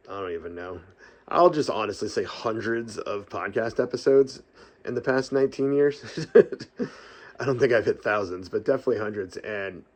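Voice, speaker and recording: In a casual vlog, a middle-aged man with a lowish voice rambles about podcasting, full of fillers and restarts. He laughs often and lets out a breathy sigh after long phrases.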